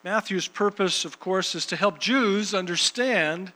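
Man, preacher, sermon, emphatic, repetitive cadence, sharp bright tone. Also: sits high, measured pace, poor audio. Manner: emphatic, repeats phrases for rhythm.

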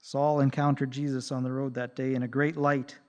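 A man preaching a sermon, swinging between loud emphasis and soft, hushed quotations. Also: medium pitch, little pitch movement, moderate pace.

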